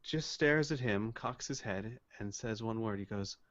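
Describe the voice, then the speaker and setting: A man narrating a tabletop role-playing game as game master, speaking in a slow, measured way and voicing characters. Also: on the low side, fairly bright tone. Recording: muffled lo-fi voice chat.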